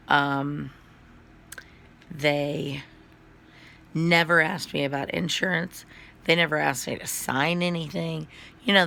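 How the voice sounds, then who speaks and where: A man sick with COVID, coughing as he tells a rambling, foul-mouthed story to the camera. His voice is heavily gravelly but bright and forceful, and he talks slowly, stumbling through plenty of ums and uhs. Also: on the high side. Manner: rambling, profane storytelling with many fillers. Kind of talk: casual personal story to camera.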